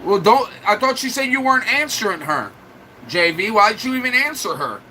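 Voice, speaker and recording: A man's voice: high-pitched, big pitch swings, moderate pace, sharp tone, a little hiss or hum, poor audio. A man livestreaming in a casual chat, venting at length to his viewers in a rambling, upset way. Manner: rambling, restarts and fillers.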